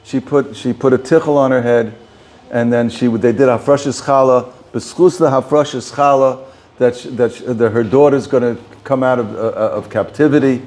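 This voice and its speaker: Halting rabbi speaking informally. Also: male voice, medium pitch, steady tone, a little mellow. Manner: halting, many repeated words and restarts. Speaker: rabbi giving a talk. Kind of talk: informal talk to a small group.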